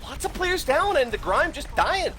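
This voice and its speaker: Bright, high-pitched man calling a game live, playful and quick with asides, over a faint hiss. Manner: jokey, lively play-by-play with asides. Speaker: esports caster. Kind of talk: play-by-play commentary.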